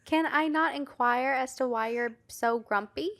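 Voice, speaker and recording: Higher-pitched young woman with vocal fry. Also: unhurried, a bit bright. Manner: earnest, questioning, heavy "like" fillers. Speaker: podcast co-host. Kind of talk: casual chat.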